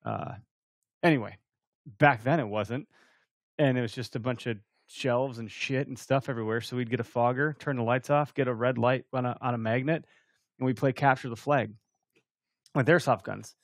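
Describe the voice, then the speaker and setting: A man's voice: mid-range voice, normal speed, no echo, studio quality. A man telling rowdy stories on a casual podcast, swearing freely and laughing as he talks. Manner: animated storyteller, profane, laughs often. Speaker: podcast co-host or guest. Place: podcast studio.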